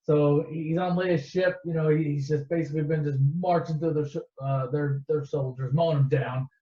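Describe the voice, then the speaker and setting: A man tells a movie's story in a loose, joking campfire way, tripping over his words and tossing in crude asides. His voice sits a little high. The sound is echoey and dull, like a lo-fi home recording. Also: fairly even intonation, warm tone. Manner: rambling, swears, restarts, quick asides. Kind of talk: casual comedic movie retelling.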